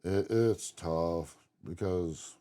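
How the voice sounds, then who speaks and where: Blunt, cursing middle-aged man, low and mellow. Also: very slow. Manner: blunt, swears freely, tells long personal stories. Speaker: podcast co-host. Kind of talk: casual conversation.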